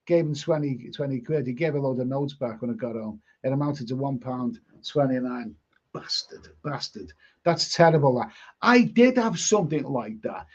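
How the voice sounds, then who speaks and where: A man with a fairly high pitch and darkish tone hosts a casual stream, working through viewer chat. He tells meandering stories and drops blunt, mildly sweary asides, heard through dull lo-fi audio.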